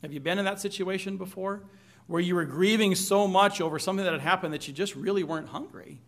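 Bright, forceful male preacher. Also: sits high, quick pace. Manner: asks the congregation questions, light humor. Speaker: pastor. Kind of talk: conversational sermon with scripture reading.

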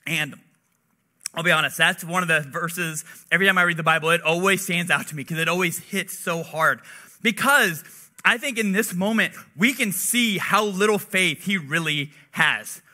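A man's voice: high-pitched, normal speed, sharp tone. A young man preaching in a casual, conversational way, telling relatable stories and reading scripture, with lots of "like" in his speech. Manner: chatty, relatable, heavy use of "like".

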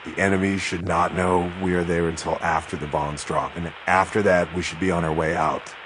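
A man voicing a blunt male Air Force sergeant who gives a brisk, matter-of-fact mission briefing. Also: low voice, pitched above the performer's own voice, lightly acted. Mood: businesslike. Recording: steady background hiss.

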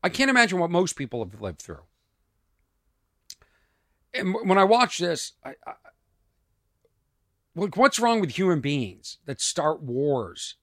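Reflective podcast host, dry close sound. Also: male voice, high-pitched, sing-song, fairly bright tone, dry recording. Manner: halting, reflective, with restarts. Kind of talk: casual commentary on a news clip.

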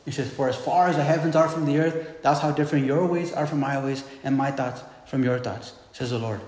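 A man's voice: mid-range voice, a little fast, darkish tone. A man preaching a casual, conversational sermon, often repeating words and checking in with "right?". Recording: echoey hall with long reverb.

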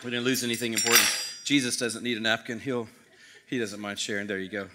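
A man preaching as a pastor, telling a story in an animated way and acting out every part himself. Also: lowish voice, quick pace, heavy background noise. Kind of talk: sermon with acted-out story.

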